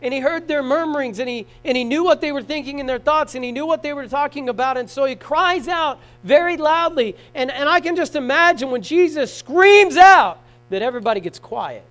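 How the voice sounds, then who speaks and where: Man preacher, really high voice, goes quiet then shouts, reads scripture, hum in the background. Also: a little fast, few pauses, poor audio. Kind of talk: sermon. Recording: mains hum.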